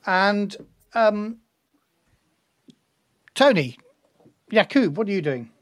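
Slow, hesitant game master. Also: male voice, high voice, expressive, no echo, clean studio sound. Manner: hesitant, with many fillers and chuckles. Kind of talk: narrating a tabletop game.

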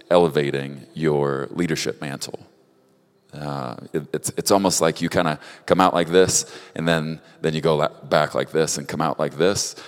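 A man giving prophetic words to people one at a time, speaking directly to each in a halting way, often repeating words. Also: rumbling low. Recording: long reverb of a large hall.

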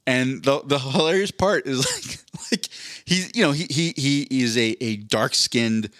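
A man's voice: mid-range voice, expressive, unhurried, fairly bright tone, no echo, clean studio sound. A man co-hosting a podcast in casual chat, rambling and swearing, often breaking into laughter mid-sentence. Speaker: podcast co-host.

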